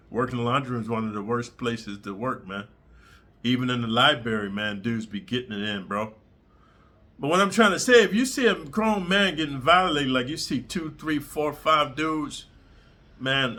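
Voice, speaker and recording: A man hosting his channel, telling crude prison stories in a blunt, streetwise, animated way full of slang. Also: mid-range voice. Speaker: channel host. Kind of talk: crude prison storytelling monologue.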